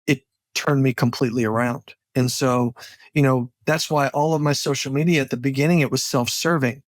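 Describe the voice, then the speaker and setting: A man's voice: medium pitch, fairly even intonation, a little fast, no room sound. A man as a podcast guest, telling his personal story in a heartfelt, candid way, close to the mic. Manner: heartfelt, candid, faith-driven.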